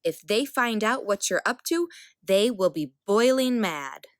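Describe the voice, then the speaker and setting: A woman's voice: mid-range voice, lively intonation, a little slow, no room sound, clean studio sound, lightly acted. A woman voicing a stern mother goddess who warns her son in a storybook reading. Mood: warning. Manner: warning, urgent.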